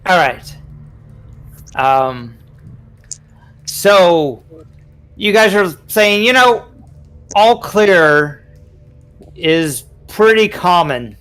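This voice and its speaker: Slightly high-voiced male game master. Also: expressive, very slow, pauses often, a bit bright, clean tone, faint music behind. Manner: rules-checking, narrating scenes. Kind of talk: running a tabletop game.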